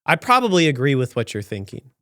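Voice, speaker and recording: Man, podcast host, sarcastic rambling commentary, mid-pitched voice, dry close sound. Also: sing-song, quick pace, a bit bright, dry recording. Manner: sarcastic, rambling, with many restarts.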